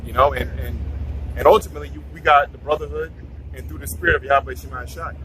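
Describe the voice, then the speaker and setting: A man's voice: medium pitch, fairly even intonation, quick pace, pushed and bright, slight background noise, rough recording. A man giving a casual scripture talk, preachy, repeating himself and restarting his sentences. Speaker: bible teacher.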